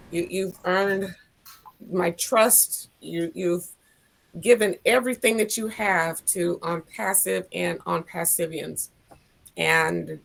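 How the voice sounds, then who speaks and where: Gravelly, husky woman giving heartfelt thanks. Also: on the low side. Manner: sincere, emotional, with fillers and restarts. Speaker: guest on a live call. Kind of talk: heartfelt birthday tribute.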